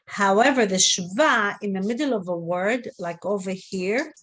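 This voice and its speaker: A woman's voice: mid-range voice, measured pace, fairly bright tone. Patient woman teaching a class online, checking on her students. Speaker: Hebrew teacher.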